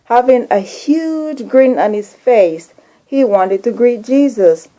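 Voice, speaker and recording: A woman recounting a prophetic dream in an earnest, deliberate way. Her voice sits fairly high but sounds dark and mellow, and she takes her time with every phrase. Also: lively intonation, low-quality recording. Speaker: video channel host.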